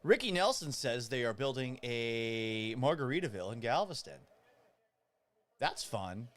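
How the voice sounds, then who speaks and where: A man's voice: medium pitch, very animated, a little slow, faint music behind. A man hosting a live podcast watch party, reading viewer comments and commenting on the game in a casual, joking way, swearing freely. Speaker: podcast host.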